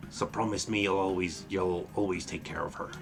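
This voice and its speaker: A man voicing a gruff, warm-hearted older father with a put-on Irish accent, reading game dialogue aloud with hearty laughs. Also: low-pitched, fairly even intonation, fairly quick, faint music behind. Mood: fatherly.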